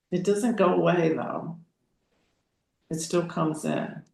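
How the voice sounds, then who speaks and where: Slow, gravelly older woman. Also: lowish voice, a little mellow. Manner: slow, searching, restarts. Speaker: group participant. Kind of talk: reflective spiritual sharing. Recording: roomy echo.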